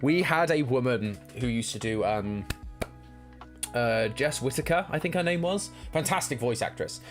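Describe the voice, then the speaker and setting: A man's voice: medium pitch, expressive, normal speed, soft background music. A young British man chatting casually as a live-stream host, reading chat aloud and laughing often. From United Kingdom.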